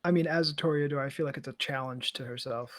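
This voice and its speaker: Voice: medium pitch, quick pace. A player in a tabletop game who talks playfully and laughs often. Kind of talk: casual tabletop play.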